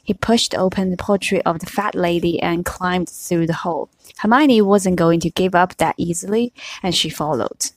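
A woman reading a novel aloud with her own comments, in steady storytelling. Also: on the low side, normal speed, dry recording. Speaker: reader.

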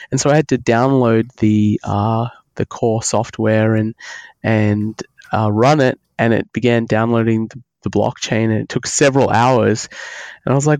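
A man's voice: on the low side, creaky, a little mellow, no echo. A man in his forties from Australia with an Australian accent, speaking as a podcast guest while he has a cold, rambling with many fillers and restarts. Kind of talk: casual interview chat.

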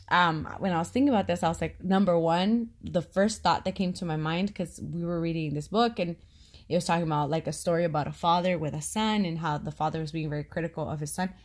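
Woman, thirties, slightly low voice, chatty, laughs often, casual podcast co-host. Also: a little mellow. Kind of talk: casual conversation.

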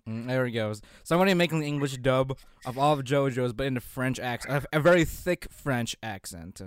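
Man, podcast co-host, rambling casual chat, smooth clear voice, dry close sound. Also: mid-range voice, expressive, brisk, no echo. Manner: rambling, laughs often.

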